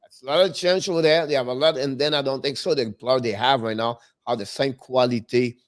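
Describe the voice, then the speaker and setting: A man co-hosting a hockey talk show, speaking as a with halting phrasing and frequent restarts. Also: medium pitch, steady tone. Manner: halting, restarts phrases, non-native grammar. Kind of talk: casual sports talk.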